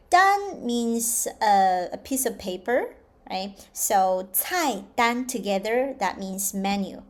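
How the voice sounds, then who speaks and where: A woman teaching a slow, patient language lesson, repeating each sound clearly for learners. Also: mid-range voice, animated. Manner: drawn-out, repeated model pronunciations. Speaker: Chinese teacher.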